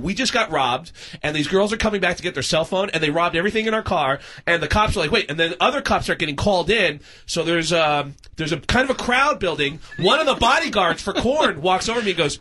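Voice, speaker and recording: A man, a comedian, telling a long story on a radio show, acting out everyone's lines, often laughing and shouting. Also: animated, fast talker, breathy edge. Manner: acts out other people's lines with big pitch swings, laughing and shouting. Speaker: comedian guest. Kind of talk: animated comic storytelling. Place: radio studio.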